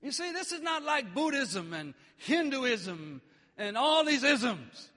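High-voiced impassioned male preacher. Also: very animated, takes it slowly, long reverb tail. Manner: impassioned, swings between quiet and shouting. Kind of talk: sermon.

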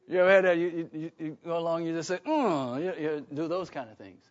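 Speaking fairly quickly with fairly even intonation, a man whose voice sits on the high side preaches emphatically. His conversational sermon is full of questions to the listeners, and it comes through a dull lo-fi recording.

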